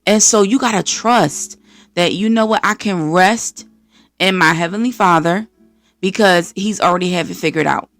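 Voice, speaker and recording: An American woman from the East Coast hosting a podcast, giving an energetic, preachy faith-based motivational talk and acting out voices of the people she quotes. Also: lowish voice, moderate pace, no room sound, faint music behind. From East Coast of the United States. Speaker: podcast host.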